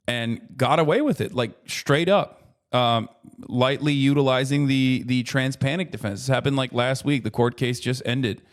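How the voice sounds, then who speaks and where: A man streaming casual commentary, talking in an animated, profane way that keeps breaking into loud mocking rants. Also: mid-range voice. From United States. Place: traveling in Japan.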